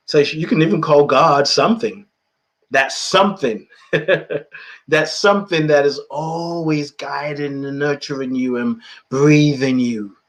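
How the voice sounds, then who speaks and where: A man from the United Kingdom hosting a podcast, talking reflectively about spirituality, repeating phrases and chuckling often. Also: mid-range voice. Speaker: podcast host.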